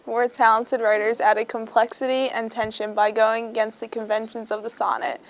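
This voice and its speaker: A woman giving a plain classroom-style explanation. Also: fairly high pitch.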